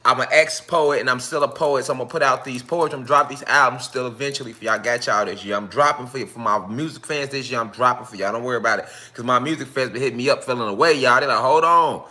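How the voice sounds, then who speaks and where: Bright-voiced man in loose slangy chat. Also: fast talker, few pauses. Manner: loose, slangy, profane, repetitive; animated, jumps into high-pitched voices when quoting fans. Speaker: online spiritual teacher. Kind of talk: casual livestream monologue.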